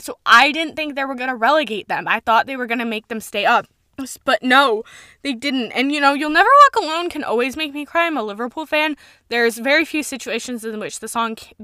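A woman's voice: a little high, sharp tone, smooth, dry recording, clean studio sound. A young woman hosting her own solo podcast, gushing and ranting as a fan, swearing for emphasis. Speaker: podcast host. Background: faint intro music at the end.

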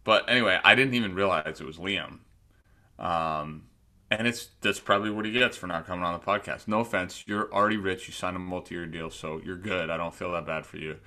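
A man's voice: deep voice, fairly quick. A man co-hosting a podcast, chatting loosely and joking about his week and baseball. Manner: loose, joking, animated storytelling. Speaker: podcast co-host. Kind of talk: casual podcast chat.

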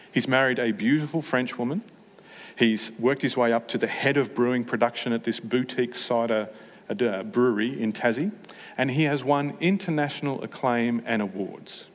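Preacher in a reverberant hall. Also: male voice, mid-range voice, a little hiss or hum. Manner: humorous, self-mocking, with animated asides. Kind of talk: sermon.

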